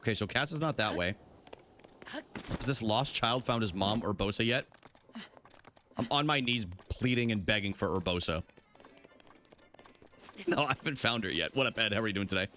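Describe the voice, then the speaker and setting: A man's voice: moderate pace, pauses often, a little hiss or hum. A young man streaming a game live, chatting casually and goofily with his viewers. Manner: goofy, banters with chat, animated swings in pitch. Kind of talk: casual live gameplay chat.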